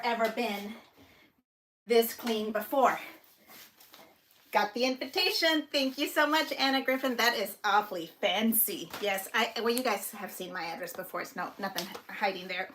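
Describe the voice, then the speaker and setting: A woman hosting a paper crafting livestream from her home craft room, chatting excitedly and gushing to viewers, recorded on a phone. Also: a little high, slight background noise. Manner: bubbly, gushing, squealing with excitement. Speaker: paper crafting channel host. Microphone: phone on a stand.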